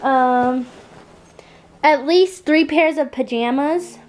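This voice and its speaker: Young mom vlogger, high-pitched, casual filler-heavy chat, handheld camera at home. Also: female voice, slow. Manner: chatty, filler-heavy with lots of "like". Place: at home in an apartment, indoors. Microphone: handheld point-and-shoot camera.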